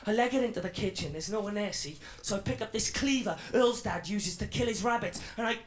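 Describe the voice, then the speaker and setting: Soft background music sits under a brisk male voice that sits high. He's an actor in a radio drama, cast as an edgy Welsh comic in his twenties whose stand-up routine is swaggering and defiant.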